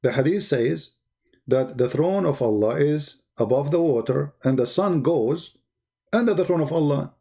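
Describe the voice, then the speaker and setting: A man's voice: fairly high pitch, animated, normal speed, gravelly, mellow. A man with giving mocking, sarcastic commentary on video clips. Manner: sarcastic, repeats words for effect, non-native phrasing.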